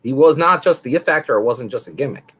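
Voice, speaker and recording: A man co-hosting a casual chat, laid-back and agreeable, yet expressive when he makes a point. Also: mid-range voice, fast talker, breathy edge. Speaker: podcast co-host.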